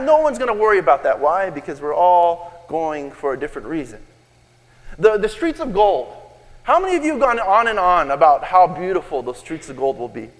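High-voiced joking preacher. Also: male voice, big pitch swings, a little fast. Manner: storytelling, joking, asks the crowd questions. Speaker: pastor. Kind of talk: sermon. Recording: echoey hall.

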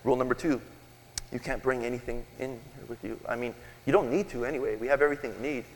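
A man voicing a stern, rule-following gatekeeper saint in a sermon joke, speaking low and matter-of-fact. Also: fast talker, lightly acted. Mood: firm. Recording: echoey hall.

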